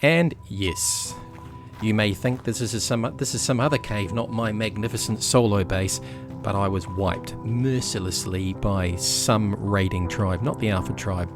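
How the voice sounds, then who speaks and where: A man's voice: on the low side, a little slow. A man giving blunt, chatty commentary over his gameplay, with the odd swear word. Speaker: gaming YouTuber. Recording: background game music.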